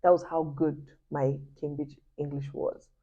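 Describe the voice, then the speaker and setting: Low-voiced woman telling stories. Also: moderate pace. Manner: chatty and animated, addresses viewers as guys, laughing asides. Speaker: vlogger. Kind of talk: personal storytelling to viewers. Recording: dull lo-fi recording.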